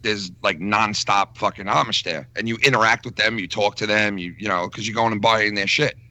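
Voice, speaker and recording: Low-ish and sharp in tone, this podcast co-host from New York talks fairly quickly. He rambles through a profane story in casual chat, laughing as he goes.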